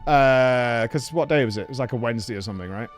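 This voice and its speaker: A British man streaming a video game, chatting casually and telling stories in a loud, joking way. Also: mid-range voice, fast, faint music behind. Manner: animated storyteller, loud and joking. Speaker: gaming streamer. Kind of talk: casual chat while playing a game.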